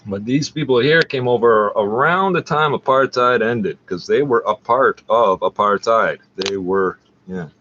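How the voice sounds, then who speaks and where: A man's voice: mid-range voice, unhurried, few pauses, a bit bright, dull audio, slight background noise. A man ranting in a profane, agitated, rambling way while scrolling through a screen share.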